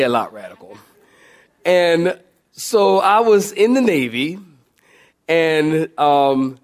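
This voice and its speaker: A man preaching a sermon as pastor, telling a humorous personal story to his congregation with animated delivery. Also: high-pitched. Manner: southern-style "y'all" to congregation.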